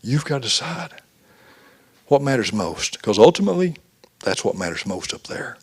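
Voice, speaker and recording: Husky man preaching casually. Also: medium pitch, very animated, moderate pace. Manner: folksy, conversational preaching with acted-out quotes. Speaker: youth pastor. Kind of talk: sermon.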